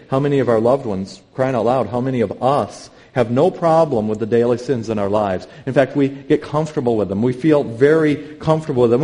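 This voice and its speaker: A middle-aged man, a pastor, preaching a sermon to his church, earnest and emphatic, climbing to loud, high exclamations. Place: church sanctuary.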